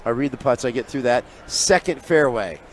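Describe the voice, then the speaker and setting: A man's voice: mid-range voice, moderate pace, a loud crowd. Man spinning a wild tale on radio. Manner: lively raconteur who acts out quoted voices, often trailing off quietly. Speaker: sports handicapper guest. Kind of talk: animated storytelling on sports radio. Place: live broadcast booth at a radio event.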